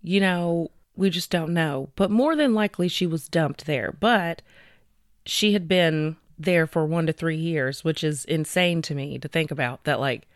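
A woman's voice: low voice, a little slow, no echo, clean studio sound. A woman co-hosting a casual true-crime podcast, relaying news stories from her notes with frequent fillers. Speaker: podcast co-host.

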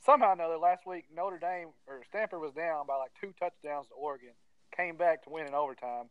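A man hosting a casual sports picks podcast, loud and teasing. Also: on the high side, fast, smooth, no room sound, phone-quality sound. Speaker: podcast host.

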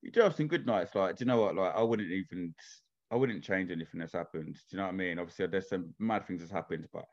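Talking fast in a low, darkish voice, this man keeps the conversation casual and chatty, cursing freely. He often asks "do you know what I mean," and the recording has its high frequencies cut off.

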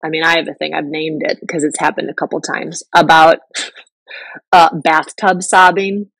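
A woman's voice: low-pitched, level tone, moderate pace, a bit bright, no room sound, low-quality recording. A middle-aged woman hosting a podcast, talking openly and casually about her life, full of fillers and restarts. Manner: candid, chatty, many fillers and restarts. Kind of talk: casual personal talk.

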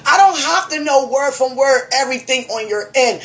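A woman's voice: high voice, takes it slowly, pauses often, fairly bright tone. A woman giving a fervent, emotional spiritual message to one listener, preaching and repeating her phrases.

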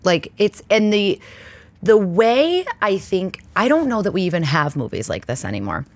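A podcast host chats casually on her solo show, rambling with lots of fillers and often laughing mid-sentence. Her medium-pitched voice is sing-song, at a normal speed, with no echo, recorded in an indoor studio under lights.

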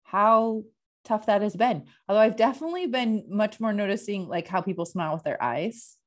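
A woman and parent talking casually about calming techniques, chatty and laughing often. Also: mid-range voice, normal speed. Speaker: parent and therapist. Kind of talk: casual conversation.

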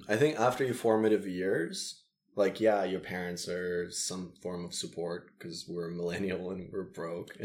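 Thirties man, Soviet-born, very deep voice, casual podcast co-host, loose and profane. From Soviet Union. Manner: loose, joking, swears freely. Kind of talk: casual chat.

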